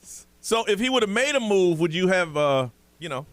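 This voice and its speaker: A man's voice: high voice, very animated, normal speed, a bit bright, no echo. A man hosting a morning call-in radio show, teasing and laughing often with callers.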